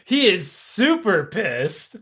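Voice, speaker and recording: A young man hosting a podcast, retelling myths in a profane, animated, comedic way and laughing often. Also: high voice, takes it slowly. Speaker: podcast host. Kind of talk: comedic casual storytelling.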